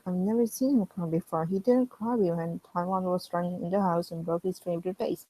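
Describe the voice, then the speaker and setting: A woman's voice: fairly low pitch, a little fast, few pauses, dry recording, poor audio. A woman reading a fan story aloud with a strained throat, breaking off now and then for chatty asides to viewers. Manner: steady, chatty asides between passages. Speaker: fan reading fanfiction in character.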